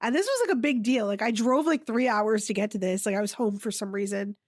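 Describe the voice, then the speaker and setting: A woman from Maine co-hosting a podcast, telling stories in a casual, animated way and laughing along. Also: mid-range voice, brisk, dry recording, studio quality. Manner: animated, lots of "like" fillers, laughs. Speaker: podcast co-host. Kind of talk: casual storytelling.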